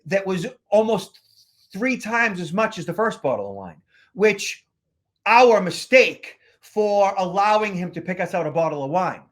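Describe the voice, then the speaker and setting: A man's voice: sits high, very animated, a little slow, a bit bright. A man, co-hosting a podcast and telling a long travel story in a rambling, casual way full of fillers. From Boston area, USA. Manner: rambling anecdotes with frequent fillers. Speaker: podcast co-host, security consultant.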